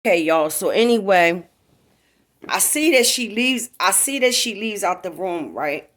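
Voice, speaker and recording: A woman's voice: medium pitch, expressive, unhurried. A woman tells a casual, profane storytime to her viewers at home. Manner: profane, chatty, talks straight to viewers. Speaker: vlogger. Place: home, indoors.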